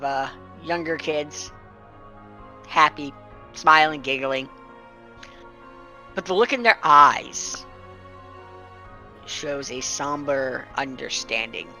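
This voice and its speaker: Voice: medium pitch, sharp tone. A game master narrating a tabletop role-playing game, describing scenes at length with frequent ums and uhs.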